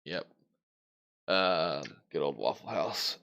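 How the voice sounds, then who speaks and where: A man's voice: extremely low pitch, lively intonation, slow, vocal fry. A man co-hosting a casual podcast, easygoing and rambling with lots of fillers. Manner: easygoing, rambling with many fillers, soft laughs. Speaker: podcast co-host. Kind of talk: casual chat.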